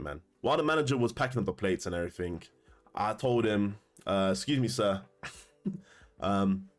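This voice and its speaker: A man telling a story to camera in a casual, slangy way, often laughing. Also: on the low side. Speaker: commentator.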